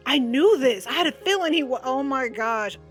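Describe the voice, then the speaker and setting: A young woman chatting through a casual reaction video, animated and full of exclamations, her voice pitched a little high. Faint music plays behind her. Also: moderate pace. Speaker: vlogger.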